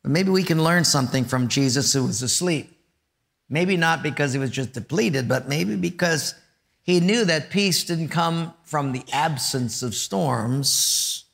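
A man preaching a sermon, joking with the congregation and dropping to a hush for emphasis. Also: on the high side, a little slow, gravelly. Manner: animated, joking, dramatic drops to a hush. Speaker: pastor.

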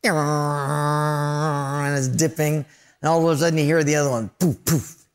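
A man's voice: on the high side, level tone, unhurried, clean tone. A man preaching a sermon, telling stories and acting out voices and sounds along the way. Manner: storytelling preacher, acts out voices and sound effects. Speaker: pastor.

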